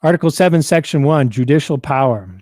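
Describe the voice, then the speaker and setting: A man hosting a civics program, reading out and explaining a state constitution in a measured, deliberate way. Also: fairly high pitch, dark tone, no echo, studio quality. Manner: measured, deliberate, quotes documents aloud.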